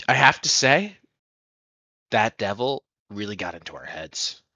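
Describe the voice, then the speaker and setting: A man's voice: mid-range voice, sharp tone, slightly rough, no echo. A man chatting casually as a player in a tabletop game, joking, laughing often and swearing freely.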